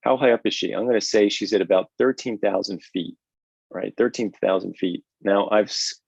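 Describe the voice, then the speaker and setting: A man's voice: on the low side, normal speed, vocal fry, a little mellow, husky, no room sound. A man hosting a live drawing lesson, talking energetically and conversationally, often checking in with "right?". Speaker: drawing instructor and host. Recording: dull, lo-fi, dry stream audio.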